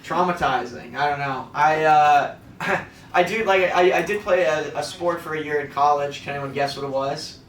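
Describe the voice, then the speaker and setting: A man's voice: fairly high pitch, normal speed, fairly bright tone, recorded from a distance, a little hiss or hum. A young man from the Midwest doing a self-deprecating stand-up comedy set, chatting with the crowd on a club stage. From American Midwest. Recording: roomy live club sound, crowd laughter. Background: audience laughing.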